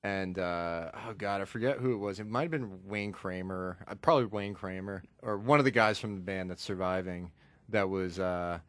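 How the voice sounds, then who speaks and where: A man's voice: deep voice, normal speed, no echo. Laid-back man co-hosting, dry close mic. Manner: loose storytelling, jumps into loud mocking impressions. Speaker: podcast co-host. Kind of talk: casual chat.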